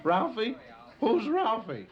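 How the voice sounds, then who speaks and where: A man voicing a nervous, easily shocked male saber-toothed tiger in a high, indignant, squawking voice, on a hissy home tape. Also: wildly swooping pitch, moderate pace, vocal fry, dull audio, some chatter behind, heavily acted. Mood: startled.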